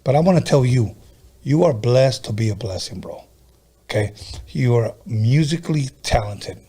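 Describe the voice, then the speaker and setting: A man's voice: mid-range voice, animated, normal speed, mellow, husky. A man hosting a podcast who gives an emphatic, preachy pep talk, repeating his key phrases. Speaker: podcast host. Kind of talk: casual interview, encouraging talk.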